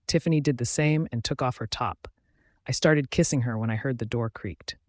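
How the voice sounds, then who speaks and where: A man reading a first-person romance audiobook aloud, dramatic and shifting between hushed and raised delivery. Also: mid-range voice, normal speed, no echo. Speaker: audiobook narrator.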